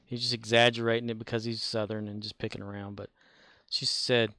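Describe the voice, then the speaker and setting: Guy streaming a game, rambly chatter, bit of vocal fry, dry close mic at home. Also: lowish voice, flat delivery, brisk, pushed and bright, no echo. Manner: rambling, chuckling asides. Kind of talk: casual gaming commentary.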